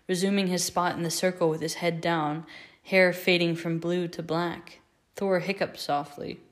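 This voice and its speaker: A woman reads a story aloud in a measured, expressive way. Her voice sits on the low side, and her pacing stays steady. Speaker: fan fiction reader. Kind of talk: scripted storybook narration.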